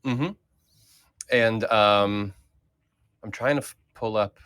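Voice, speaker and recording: A man's voice: on the low side, steady tone, slow pace, a bit bright, clean tone. A man leading a casual group chat as host, talking in a rambling way with many fillers and restarts.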